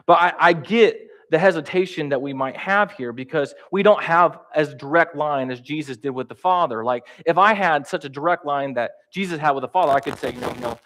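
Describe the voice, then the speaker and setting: A man's voice: a little high, fairly quick, few pauses, a bit bright. Conversational man preaching with humor. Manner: conversational, humorous, acts out quoted voices. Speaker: pastor teaching a class. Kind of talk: sermon. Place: church.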